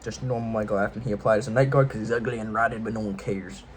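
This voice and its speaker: A man's voice: on the low side, fairly even intonation, fast talker, a little hiss or hum, low-quality recording. A man casually retelling a game series' story in a rambling, offhand, irreverent way, full of loose jokey paraphrase. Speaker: video host.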